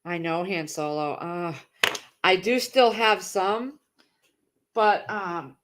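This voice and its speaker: A woman's voice: on the low side, slow, noisy background. A woman hosting a casual livestream from home, chatty and rambling, greeting viewers by name as she goes. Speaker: livestream host.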